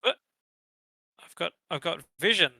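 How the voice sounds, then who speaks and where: A man's voice: a little high, measured pace, gravelly, bright, forceful tone, slightly rough, no echo, low-quality recording. A man playing in a tabletop game, rambling with lots of fillers. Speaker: player.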